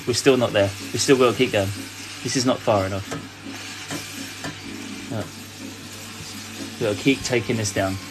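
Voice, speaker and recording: Chatty man cooking in a noisy kitchen. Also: medium pitch. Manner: chatty, rambling, answering viewer comments with asides. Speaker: cooking host. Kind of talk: casual cooking livestream demonstration.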